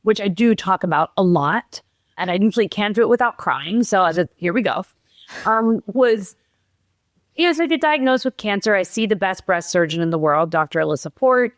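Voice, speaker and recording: A middle-aged woman appearing as a podcast guest shares a personal story with animated, expressive energy, laughing as she goes and acting out what other people said. Her mid-range voice moves at a moderate pace, and at moments she's near tears. She sounds close to the mic in a dry room with no room sound.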